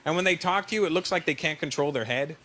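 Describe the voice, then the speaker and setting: A man doing a stand-up routine on stage, talking straight to the crowd in an animated, confiding way. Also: on the high side, fast. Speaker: stand-up comedian. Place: stage in front of a live audience. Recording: noisy played-back stand-up clip.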